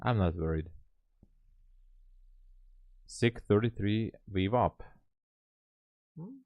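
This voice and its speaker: A man talks through his trades on a live stream. He drawls slowly, half to himself, chuckling and grumbling at the screen. The sound is dry and close, with no room around it. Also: fairly low pitch, sing-song, darkish tone, no echo. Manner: laughs at himself, mutters at the screen. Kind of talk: casual live-stream commentary.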